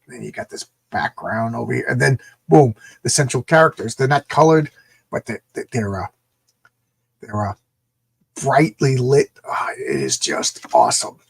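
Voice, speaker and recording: A man reviewing comic books in a casual livestream, excited and rambling, often acting out the characters' lines. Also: medium pitch, moderate pace, gravelly, husky. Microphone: small camera mic.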